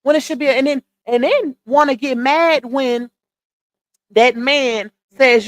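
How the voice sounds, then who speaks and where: A young woman hosting a casual livestream talks straight to her viewers in an outspoken, opinionated, emphatic way. Her voice is high, she takes it slowly, and the recording is dry.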